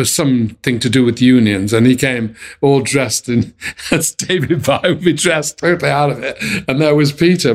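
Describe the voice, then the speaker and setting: An older man, a former music manager, telling chatty anecdotes in an interview, with frequent restarts. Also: medium pitch. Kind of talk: storytelling in an interview.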